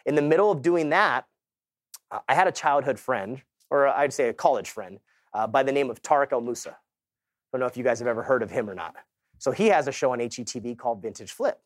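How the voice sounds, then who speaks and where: A middle-aged man with an expressive mid-range voice speaks a little fast as he delivers a motivational keynote from a conference stage. He relates his own story in a relaxed way, acting out quoted conversations and talking directly to the crowd, recorded cleanly with no echo.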